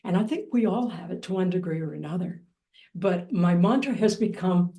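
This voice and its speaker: A woman teaching Buddhist practice in a dharma talk, gentle and reflective with a light playful touch. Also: on the low side, expressive, normal speed.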